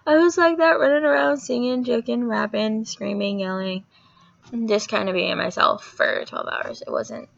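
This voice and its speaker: A young woman vlogger with a slightly high, creaky voice retells a story at a normal pace, sounding a bit sore-throated. She's chatty and animated, rambling along with plenty of filler words. The recording is dull and lo-fi.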